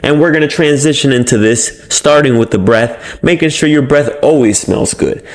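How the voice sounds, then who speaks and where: A young man hosts a self-improvement talk in a blunt, coaching way. His voice sits at an ordinary middle pitch, and he swears freely as he pushes his listeners. His delivery is casual and animated throughout. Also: normal speed. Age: young adult. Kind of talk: casual motivational monologue.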